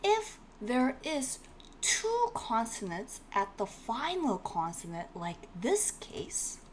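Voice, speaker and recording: A woman teaching a live-streamed language lesson, animated, drilling words over and over and chatting with her viewers. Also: fairly high pitch, slow pace, a little hiss or hum.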